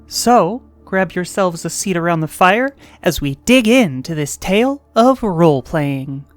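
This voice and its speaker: A woman hosting and narrating online role-playing stories, expressive, with playful asides. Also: lowish voice, a little slow, no echo, soft background music. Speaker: host and narrator.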